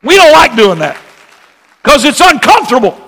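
A male pastor with a high, bright and forceful voice tells a story in his sermon. He drops to hushed narration, then rises to shouted praise. Long reverb from a church hall hangs behind him. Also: sing-song, normal speed, some chatter behind. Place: church sanctuary.

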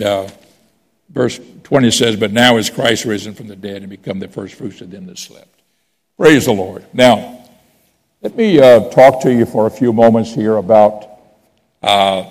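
This is a pastor with a fairly low voice and vocal fry, heard in a large hall. He delivers a conversational sermon from the pulpit, telling stories and questioning the congregation, even asking for raised hands.

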